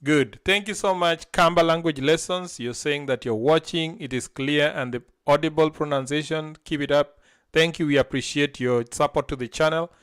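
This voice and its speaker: A man's voice: fairly high pitch, normal speed, a bit bright, clear, resonant tone. A man teaching vocabulary on a live stream, saying each word syllable by syllable and having a learner repeat after him. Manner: drills words syllable by syllable, then has the learner repeat. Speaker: language teacher.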